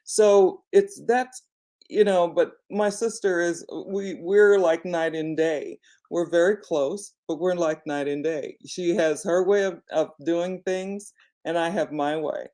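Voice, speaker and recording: Slow and warm, her fairly low voice stays fairly even in intonation as she talks. As a business coach in a casual reflective vlog, she addresses viewers directly with encouragement, peppering her speech with "you know."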